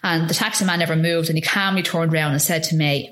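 A woman from Ireland, an interview guest, recounting a personal ordeal in an earnest, halting way, often restarting and acting out what people said. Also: low-pitched, fairly even intonation, fairly bright tone, reverberant. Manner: earnest and halting, with frequent restarts and re-enacted dialogue.

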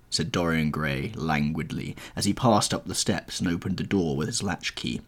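A man narrating a classic novel in an audiobook, measured and unhurried. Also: rumbling low.

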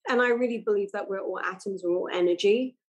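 A woman, a podcast guest chatting casually and telling animated stories. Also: mid-range voice, fast talker, poor audio. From England. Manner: animated storytelling, acts out quoted voices. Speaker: guest, entrepreneur and investor. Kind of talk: casual interview chat.

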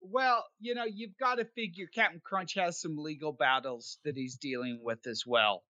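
Man, podcast co-host; dry, halting delivery, slightly high. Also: sharp tone, no echo, lo-fi sound. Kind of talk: casual podcast banter.

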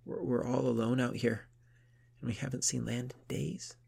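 A man's voice: mid-range voice, steady tone, moderate pace, vocal fry, darkish tone, slightly rough, voice pushed up. A man voicing a frightened young girl in a storybook, pleading with a catch in her voice. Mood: sobbing.

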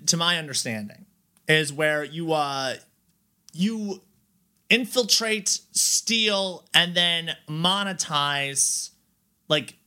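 A man's voice: on the high side, sharp tone. A man co-hosting a podcast in casual chat, rambling and restarting his sentences, laughing often. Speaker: podcast co-host.

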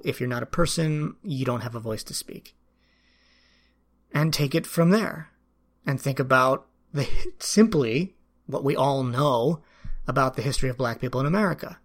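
A man who teaches, talking through his own reactions in an earnest, self-questioning way, pausing and restarting as he thinks. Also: medium pitch. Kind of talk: reflective personal talk.

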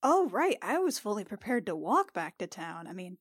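A woman's voice: medium pitch, very animated, normal speed, no echo, studio quality. A woman playing a character in a tabletop game, chatty and filler-heavy. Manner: chatty, lots of "like" and "I mean". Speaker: player. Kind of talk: casual tabletop play.

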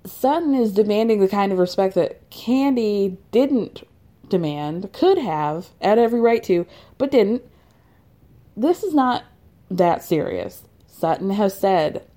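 Female podcast host, casual and profane, warm low-key timbre. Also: animated, a little slow. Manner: chatty, profane, laughs while retelling. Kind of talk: casual reality-TV recap.

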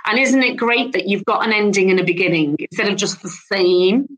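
A woman's voice: mid-range voice, a little fast, fairly bright tone, lo-fi sound. A woman hosting a podcast, chatting in a reflective, encouraging way. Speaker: podcast host. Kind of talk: casual interview chat.

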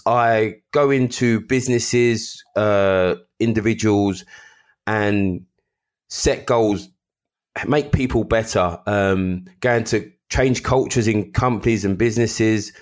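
A man's voice: fairly low pitch, slow pace. A man who is a former footballer, talking earnestly in a casual podcast chat and often repeating words. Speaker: guest, former footballer and mentor.

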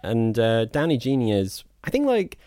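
A man's voice: mid-range voice, wildly swooping pitch, a little slow, mellow, no echo. A man co-hosting a casual film chat, thoughtful and hesitant. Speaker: podcast co-host.

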